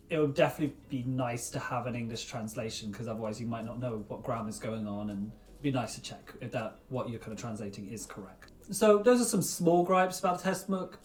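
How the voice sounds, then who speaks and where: A man vlogging about learning a language, talking in a relaxed, chatty way with frequent fillers. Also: medium pitch. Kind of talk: casual vlog talk to camera. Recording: echoey room.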